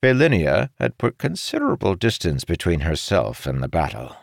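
A man reads a fantasy audiobook in a low, gravelly voice with lively rises and falls. The sound is dry and close, with no room echo. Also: moderate pace. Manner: expressive, dramatic storytelling. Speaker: audiobook narrator.

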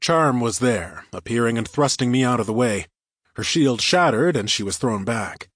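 Man, audiobook narrator, first-person action story, steady delivery, husky, dry close recording. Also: mid-range voice, moderate pace, dry recording.

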